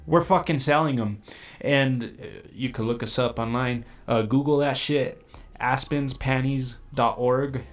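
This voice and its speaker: A young man hosting his own podcast, talking in a brash, profane, boastful monologue. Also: mid-range voice. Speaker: podcast host. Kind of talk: crude comedic monologue.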